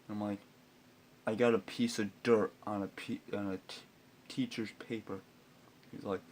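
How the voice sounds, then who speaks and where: A young man drawls through a profane school rant at an unhurried pace, his middle-pitched voice jumping into loud, disbelieving outbursts. A faint hiss sits behind him in the recording. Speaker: vlogger telling a school story. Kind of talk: ranting storytime vlog.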